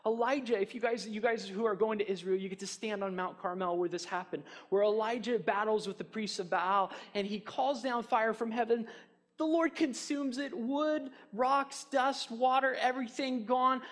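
A man's voice: sits high, steady tone, normal speed, in a large hall. A man preaching a sermon as pastor, chatty, with rhetorical questions and fillers like "you know". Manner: frequent fillers like "kind of a thing".

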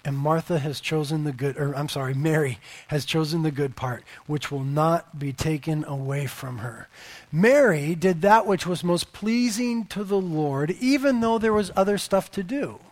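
High-voiced man preaching emphatically. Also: animated, unhurried, dry recording. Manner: emphatic, rhetorical repetition. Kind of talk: sermon.

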